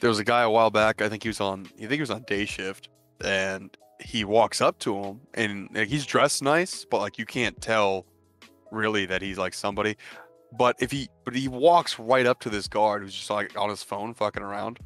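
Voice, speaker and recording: A young man who works as a security dispatcher, chatting casually with friends and telling profane, animated stories with frequent laughs. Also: fairly low pitch, moderate pace, faint music behind. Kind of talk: casual podcast chat.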